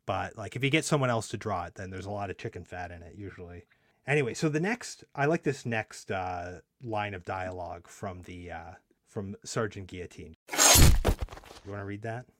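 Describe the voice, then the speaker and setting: A man's voice: low-pitched, normal speed, fairly bright tone, no room sound, studio quality. A man co-hosting a comic book podcast in casual chat, laughing often. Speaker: podcast co-host.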